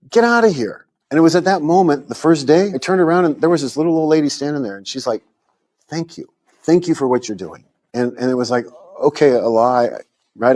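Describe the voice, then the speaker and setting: A man's voice: medium pitch, darkish tone. A man in an interview, telling his own life story and acting out the voices of people he quotes. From United States. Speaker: interviewee, convert to Islam. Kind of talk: personal testimony in an interview.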